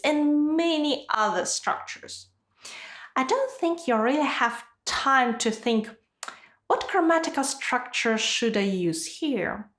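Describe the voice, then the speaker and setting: Woman exam tutor, unhurried and clear, slightly high voice, roomy sound. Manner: clear, measured teaching delivery. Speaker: IELTS teacher. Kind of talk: scripted online lesson.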